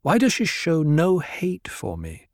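A man voicing an earnest, careful young male leader who speaks with quiet command, in a dry recording. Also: on the high side, huge pitch swings, measured pace, no room sound, voice pushed up, exaggerated voice.

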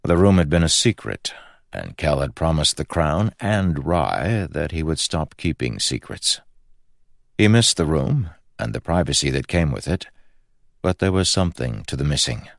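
A man narrating a fantasy novel in a measured, even storytelling manner. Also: extremely low pitch, vocal fry, no room sound, studio quality. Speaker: audiobook narrator. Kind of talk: scripted narration.

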